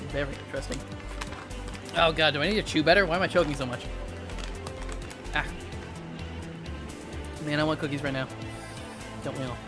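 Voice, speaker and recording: Young man, casual game stream chatter, stammering restarts, higher-pitched, music playing underneath. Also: a little fast, pauses often. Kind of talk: casual gameplay commentary.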